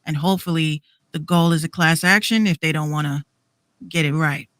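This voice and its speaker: A woman's voice: low voice, steady tone, normal speed, a bit bright, no echo, studio quality. A woman in her thirties hosting a podcast, ranting heatedly with lots of restarts and swearing. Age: 30s. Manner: heated, repetitive, swearing rant with many restarts. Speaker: podcast host. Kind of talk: casual podcast rant.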